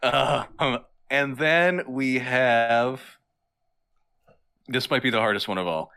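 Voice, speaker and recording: A man's voice: mid-range voice, slow pace, sharp tone, smooth. A man co-hosting a casual comedy podcast, quizzing his partner and laughing easily. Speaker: podcast co-host.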